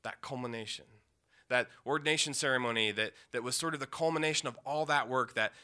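A man from the Pacific Northwest telling an emotional personal story, intense, with pauses and restarts. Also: mid-range voice, sharp tone, clear, resonant tone. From Yakima, Washington, USA.

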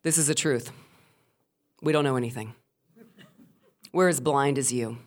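A woman's voice: fairly low pitch, rapid-fire, fairly bright tone, close to an everyday voice. A woman voicing a commanding radio talk-show host who speaks steadily and with authority to frightened listeners. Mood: calm, firm. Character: commanding middle-aged woman radio host, calm and firm.

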